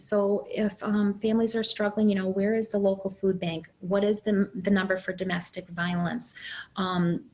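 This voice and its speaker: A woman's voice: medium pitch, darkish tone, low-quality recording. A middle-aged woman giving a webinar presentation as an early childhood program director, speaking candidly and using herself as an example, with plenty of "um"s. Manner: candid, uses herself as example, many fillers.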